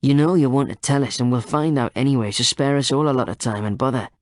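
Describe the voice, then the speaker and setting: A man reading as a cool, low-key detective in an audiobook. He speaks softly and curtly, somewhat lower than the narration, in a dry, close voice. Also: fast, no echo, close to an everyday voice. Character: second male detective, calm and cool.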